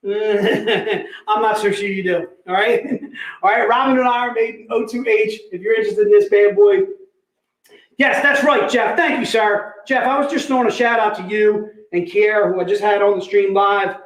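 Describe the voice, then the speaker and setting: Man, high voice, casual stream host, jokes and laughs a lot, says dude, echoey office. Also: normal speed, a bit bright. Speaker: host of a live comic sales stream. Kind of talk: casual live-stream chat. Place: company office. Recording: roomy echo.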